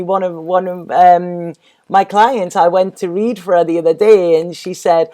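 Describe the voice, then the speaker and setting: A woman's voice: medium pitch, dark tone. A woman doing a casual tarot reading vlog, talking in a rambling, effusive way and repeating her words. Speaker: tarot reader.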